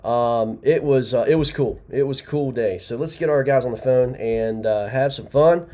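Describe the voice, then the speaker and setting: A man's voice: mid-range voice, normal speed, dark tone. A man hosting a live results stream, rambling with many fillers and restarts, laughing often. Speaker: tournament host.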